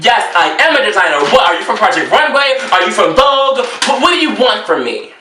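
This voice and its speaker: A man's voice: high-pitched, big pitch swings, brisk, sharp tone, distant mic, slight background noise. Man, sassy theatrical rant, exasperated, roomy echo, mic set back from him. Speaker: fashion designer reviewing emails.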